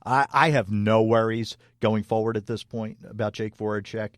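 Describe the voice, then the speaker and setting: An easygoing man co-hosts a casual hockey podcast, laughing often and filling his talk with fillers. His lowish voice has fairly even intonation at a normal pace, in clean studio sound with no room echo.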